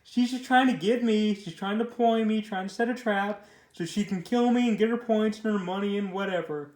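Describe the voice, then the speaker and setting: A man's voice: high-pitched, moderate pace, darkish tone, close to an everyday voice. A man doing a scoffing young masked hero. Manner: scoffing, incredulous. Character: blunt exasperated young male masked hero. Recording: echoey room.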